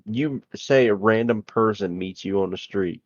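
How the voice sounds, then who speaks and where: A man's voice: lowish voice, normal speed, no room sound. A man co-hosting a podcast in casual crude banter, laid-back and rambling with lots of fillers. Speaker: podcast co-host. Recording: dull dry lo-fi mic.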